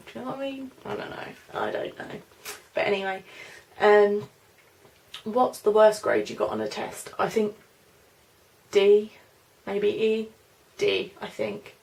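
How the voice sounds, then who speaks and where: Vlogger, woman in her twenties, London-Norfolk accent; mid-pitched with a bit of fry, rambling and unsure in a casual question-and-answer chat. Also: expressive, measured pace, darkish tone. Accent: mix of London and Norfolk English. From London, England. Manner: rambling, hesitant, many fillers and "I don't know". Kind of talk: casual Q&A vlog, reading questions aloud.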